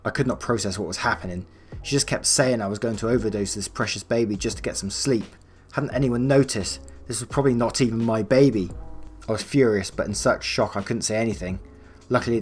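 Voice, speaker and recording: A man narrating an online story expressively, with chatty asides to his viewers. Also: on the low side. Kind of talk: online story reading and casual commentary.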